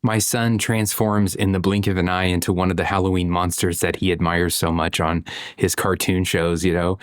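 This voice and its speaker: A man's voice: low-pitched, no room sound, studio quality. A man in his thirties talking through a reflective vlog monologue, conversational, with frequent "you know" and "right?". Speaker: parent vlogger.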